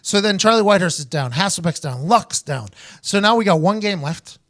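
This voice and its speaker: A man hosting his own podcast, telling stories loudly and with a lot of animation, swearing freely and laughing often. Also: high-pitched, animated, brisk. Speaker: podcast host. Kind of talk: casual storytelling.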